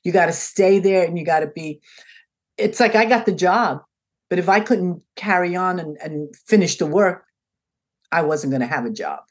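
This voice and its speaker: An older woman on the low side of pitch and husky talks at normal speed as an interview guest. She tells her story casually, animatedly acting out everyone's dialogue in changing voices.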